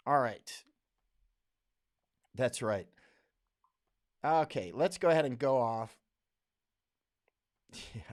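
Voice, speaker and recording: A man's voice: medium pitch, animated, takes it slowly, pauses often. An American man hosting a casual livestream, reading viewer comments aloud on a studio microphone, talking bluntly and rambling, with frequent laughs. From United States. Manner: rambling, blunt, laughs often, mocking voices when quoting others.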